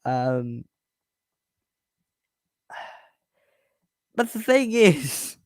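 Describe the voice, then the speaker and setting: A man's voice: a little high, big pitch swings, drawn-out words, no echo, clean studio sound. A young man hosting his own show, talking in a blunt, emphatic way, swearing freely and often restarting his words. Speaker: host. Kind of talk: casual personal monologue.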